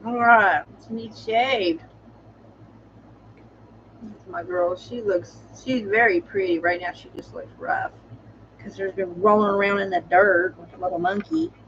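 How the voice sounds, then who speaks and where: A woman's voice: mid-range voice, fairly even intonation, unhurried, fairly bright tone, slight background noise. Woman w a cold rambling on her stream at home, lotsa ums, lo-fi sound. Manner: chatty, meandering, frequent fillers and restarts. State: has a cold. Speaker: livestream host. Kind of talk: casual rambling livestream chat. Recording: slightly dull lo-fi audio.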